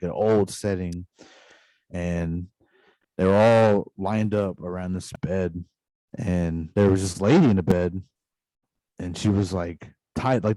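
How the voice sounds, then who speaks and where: On a podcast microphone, a man with a low, warm voice casually retells a long dream, rambling loosely with constant asides. The recording has no echo but is low in quality.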